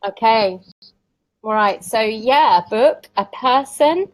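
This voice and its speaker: A woman's voice: fairly high pitch, animated, slow pace, no echo, low-quality recording. Chatty woman, dry close sound. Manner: chatty storyteller who laughs often. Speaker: tarot reader, summit guest. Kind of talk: casual conversational interview.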